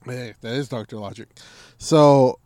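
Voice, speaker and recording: A man's voice: medium pitch, a little slow, dry recording, clean studio sound. A man telling a story in casual chat, swearing freely and acting out what people said. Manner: profane, animated storytelling with acted-out quotes.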